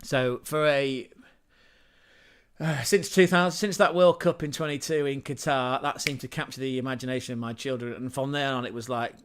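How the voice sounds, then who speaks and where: A man's voice: medium pitch, fairly quick. A man hosting his own livestream in a casual, rambling way, scatterbrained and self-deprecating, often restarting his sentences and chuckling as he digresses. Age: adult parent. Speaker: channel host and livestreamer.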